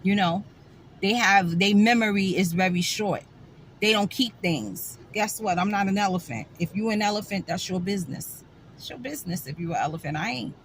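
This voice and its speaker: A woman's voice: medium pitch, lively intonation, normal speed, a little hiss or hum, poor audio. Blunt, sassy middle-aged woman vlogger. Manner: blunt and sassy, with wry laughs. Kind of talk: casual talking-to-camera monologue.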